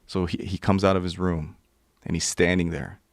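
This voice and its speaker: A man's voice: low-pitched, steady tone, moderate pace, creaky, no echo, studio quality. A man in his forties telling a profane, vivid story as a podcast guest. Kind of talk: casual storytelling.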